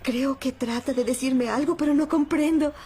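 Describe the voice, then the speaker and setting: A woman dubbing a gushing, high-voiced young woman. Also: fairly quick, dark tone, close to an everyday voice. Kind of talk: Spanish TV sitcom dub.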